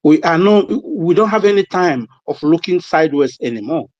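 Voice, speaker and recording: A man with a somewhat high voice makes an emphatic, urgent submission, hammering on repeated phrases. The sound is dull and lo-fi, yet dry and close. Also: animated, moderate pace, darkish tone, no echo. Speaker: participant in an online discussion. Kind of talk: impassioned political submission. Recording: muffled lo-fi audio.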